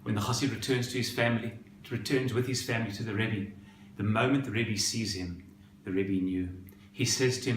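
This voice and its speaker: A male rabbi giving a sermon, telling a story in an expressive, dramatic way. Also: on the low side, a little fast, echoey room, a little hiss or hum.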